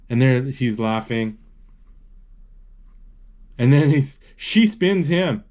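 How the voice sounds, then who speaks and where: A man casually retelling a film as he watches it, halting and searching for words, with excited exclamations. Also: mid-range voice. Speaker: movie narrator.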